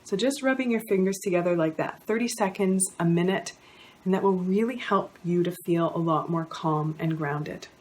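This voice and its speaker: A woman's voice: lowish voice, moderate pace, slight background noise. A woman in her thirties, a counsellor, giving friendly, instructive self-help advice directly to the viewer.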